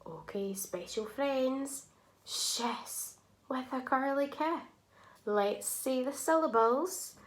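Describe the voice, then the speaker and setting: In a high-pitched voice, a woman leads a phonics lesson for little kids, slowly and clearly sounding out words and handing out frequent praise.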